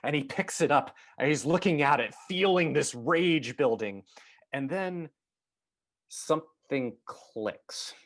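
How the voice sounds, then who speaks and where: A man giving a reflective talk as a guest speaker, thoughtful and halting, with many fillers and restarts. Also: a little high, expressive.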